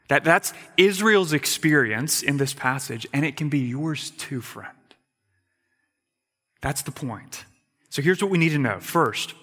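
A man preaching a sermon in an emphatic way, repeating words and dropping to quiet asides. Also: fairly high pitch, in a large hall. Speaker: pastor.

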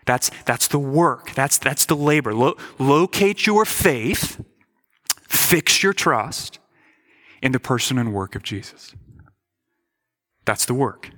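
A man's voice: mid-range voice, lively intonation, takes it slowly, pauses often, fairly bright tone. A man preaching a sermon as a pastor, earnest and questioning, often repeating words as he stresses a point.

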